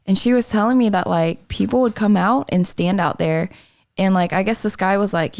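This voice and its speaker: A woman's voice: medium pitch, brisk, gravelly, dry recording. Chatty woman telling stories, dry sound. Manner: chatty storyteller, lively quoting voices. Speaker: podcast guest. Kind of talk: casual chat.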